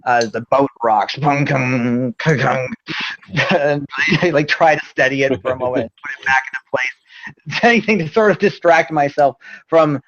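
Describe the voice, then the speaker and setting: A man's voice: mid-range voice, normal speed, a bit bright, muffled recording. A man playing a tabletop game, rambling in the first person about what his character does. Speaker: player.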